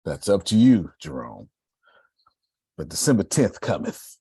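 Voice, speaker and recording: A man's voice: low voice, very animated, a little slow, warm tone, husky, no room sound. A man from Texas hosting a motivational group call, preaching and building up to emphatic urging. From Galveston, Texas. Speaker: host.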